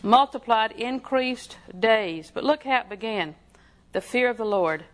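Folksy woman preaching, fairly high voice. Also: expressive, measured pace. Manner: folksy, emphatic, asks the audience questions. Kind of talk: sermon.

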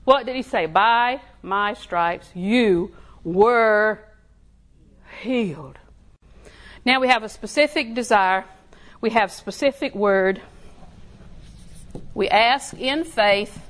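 A woman preaching a sermon in a folksy way, laughing often and repeating phrases softly. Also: medium pitch, takes it slowly.

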